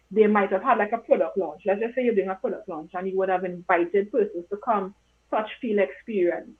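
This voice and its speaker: A woman from Trinidad and Tobago, an events consultant, answering interview questions in an earnest, encouraging way with frequent fillers. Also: mid-range voice. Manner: earnest, encouraging, uses fillers like um and you know. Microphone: video call. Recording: tinny phone-like audio.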